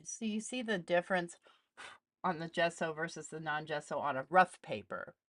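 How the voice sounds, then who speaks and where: A woman's voice: low voice, expressive, moderate pace, no room sound. A woman hosting a casual live art demonstration, chatting as she tests supplies and greets viewers. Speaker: art channel host.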